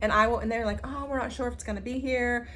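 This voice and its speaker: A woman co-hosting a casual stitching chat, telling stories with lively acted-out quotes. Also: fairly high pitch, fast, slight background noise. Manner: animated storyteller, acts out quotes. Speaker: flosstube co-host.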